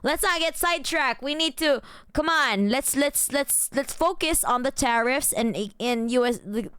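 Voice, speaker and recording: A woman's voice: high-pitched, unhurried, a bit bright, dry recording, clean studio sound. A woman streamer chatting casually, reacting to news and her chat with giggles and mock outrage.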